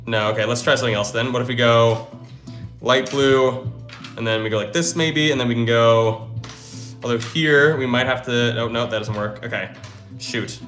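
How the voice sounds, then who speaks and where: A man's voice: medium pitch, moderate pace, a bit bright. Upbeat young male puzzle streamer. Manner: upbeat, hypes himself up, thinks aloud. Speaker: livestream host. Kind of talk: casual live-stream chat while solving puzzles. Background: faint lo-fi music.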